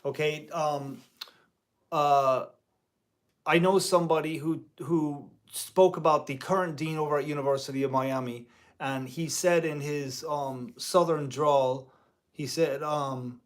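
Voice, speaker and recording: A man who teaches music part-time talks straight to his camera. He rambles in an indignant tone, and his voice sits a little high. He speaks slowly and takes his time. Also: steady tone. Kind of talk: casual to-camera commentary.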